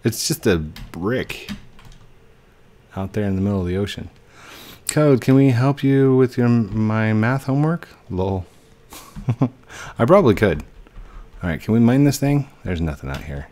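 A man's voice: on the low side, lively intonation, measured pace, long pauses, mellow. A man giving playful, chatty commentary on a game he is playing and talking to himself as he goes. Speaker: gaming YouTuber. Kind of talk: gameplay commentary.

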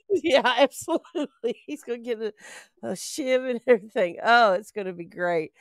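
A woman's voice: fairly high pitch, moderate pace, no echo, clean studio sound. Chatty older woman co-hosting a live show. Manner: gossipy, chatty, often breaks into laughter. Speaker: co-host. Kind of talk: casual live-stream chat.

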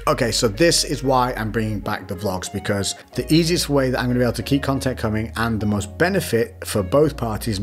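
A young man, a fitness vlogger, answering viewer questions at home in an upbeat, chatty way. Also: lowish voice. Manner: upbeat and chatty, laughs easily. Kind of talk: casual Q&A chat. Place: home, indoors.

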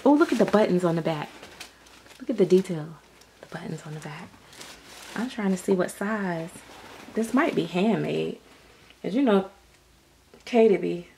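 This vlogger has a lowish, gravelly voice as she unboxes mail at home. She's gushing and excitable, gasping and saying things over again in a casual chat, and the home recording is noisy.

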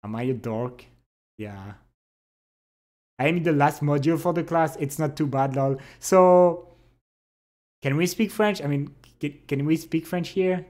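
A man's voice: on the high side, unhurried, pauses often, a little mellow. A young adult man livestreaming, chatting casually with his viewers, reading their messages aloud and teasing them playfully.

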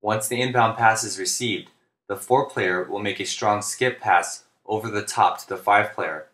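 Guy coach talking basketball plays, flat monotone, kinda low, echoey room. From United States. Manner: monotone, deliberate and clear. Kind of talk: scripted instructional narration. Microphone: home recording for narration.

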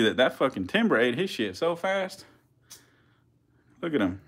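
A man giving casual live-stream commentary as a reptile keeper, chatty with viewers, swearing and getting excited. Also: medium pitch, a little fast, long pauses, slightly rough.

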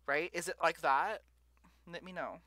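A man's voice: fairly high pitch, unhurried, pushed and bright, no echo. A man hosting a live stream, thinking aloud with lots of fillers and asking his viewers questions. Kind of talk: casual live stream chat.

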